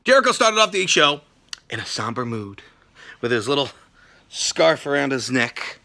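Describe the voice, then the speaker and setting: A man hosting a wrestling reaction show, ranting loudly and sarcastically and swearing constantly. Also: medium pitch, sing-song, normal speed. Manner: loud, sarcastic, swears constantly, shouts often. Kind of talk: profane ranting review.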